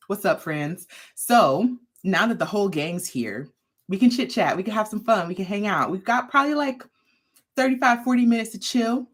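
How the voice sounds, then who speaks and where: Lively, bubbly woman chatting on a livestream. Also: medium pitch, moderate pace. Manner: bubbly, chatty, greets viewers by name. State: out of breath. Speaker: crochet designer and livestream host. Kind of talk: casual livestream chat. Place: messy home craft room.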